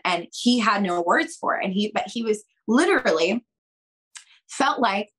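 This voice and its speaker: A young adult woman on a podcast, giving dating advice in an animated, expressive way and acting out quoted conversations. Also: medium pitch, moderate pace. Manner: expressive, acts out quoted dialogue, addresses listeners as girls. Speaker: podcast guest, dating coach.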